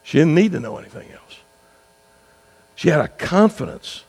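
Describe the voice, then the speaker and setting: Pastor preaching in a reverberant church. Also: male voice, a little high, sing-song, moderate pace, pauses often, darkish tone. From South Carolina. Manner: conversational storytelling that swells into fervent exhortation. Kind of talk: sermon. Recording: long reverb with mains hum.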